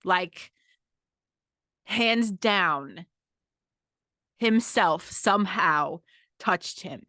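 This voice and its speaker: A woman's voice: on the low side, lively intonation, drawn-out words, sharp tone, no echo, studio quality. A woman hosting her own podcast, telling a story in a casual, emphatic way, swearing freely and checking in with "okay?" often. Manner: emphatic, profane, repeats "okay?" to the listener. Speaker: podcast host.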